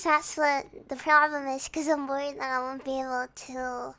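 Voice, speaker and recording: A woman's voice: high-pitched, little pitch movement, normal speed, sharp tone. A young woman streamer chatting casually while sick and feverish, her voice strained, fretful and rambling with frequent laughs. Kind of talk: casual livestream chat.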